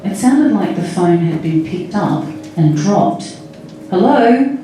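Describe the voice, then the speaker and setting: Woman author, mellow low voice, reading her book. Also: slow. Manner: joking asides, then steady reading. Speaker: crime writer. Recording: echoey room, distant mic, faint noise.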